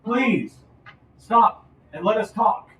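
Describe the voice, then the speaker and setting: A man doing a high, shouting desperate king. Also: animated, slow, roomy sound, distant mic, a little hiss or hum, exaggerated voice. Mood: pleading. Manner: shouting, urgent. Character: pleading male human king, gaudy and desperate.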